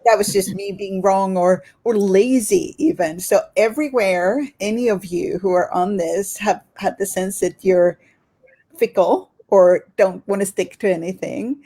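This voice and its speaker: A woman's voice: mid-range voice, a little slow, dark tone. A woman hosting a casual online conversation, thanking her guest and asking open questions. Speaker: host. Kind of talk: casual chat.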